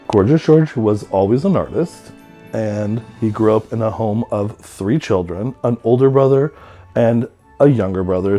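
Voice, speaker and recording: A man's voice: lowish voice, dark tone. A tattoo artist man in his thirties from California, giving a playful home tour and talking about himself in the third person in a campy, theatrical way.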